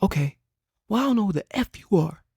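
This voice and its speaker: A man playing a furious yelling basketball coach. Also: high voice, lively intonation, brisk, creaky, slightly rough, no room sound, studio quality, voice pushed up, heavily acted. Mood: berating. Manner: berating, shouting.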